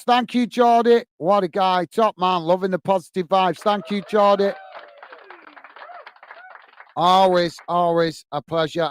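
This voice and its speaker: A man's voice: high-pitched, clean tone, no echo. A middle-aged man hosting a football fan live stream, reading out viewers' comments and thanking each one by name, with lots of "mate" and "top man". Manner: friendly, repeats thanks and "mate" often. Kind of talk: casual live-stream chat.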